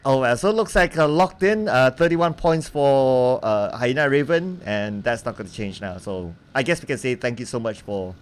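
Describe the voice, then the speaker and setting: A man casting a mobile esports match live, in a relaxed, chatty way and laughing easily. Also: mid-range voice, moderate pace, few pauses. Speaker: esports caster. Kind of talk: live game commentary. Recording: faint background noise.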